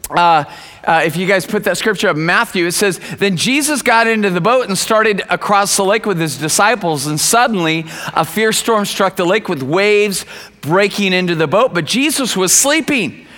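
A man preaching a sermon to a congregation, lively and conversational, acting out the people in his stories. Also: high-pitched, normal speed, big-room sound. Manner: animated, acts out quoted voices. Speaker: pastor. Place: church.

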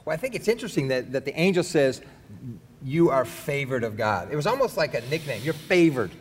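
A man's voice: on the high side, very animated, a little fast, long reverb tail, slight background noise. A man preaching a sermon in a conversational, rambling way with many restarts. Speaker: pastor.

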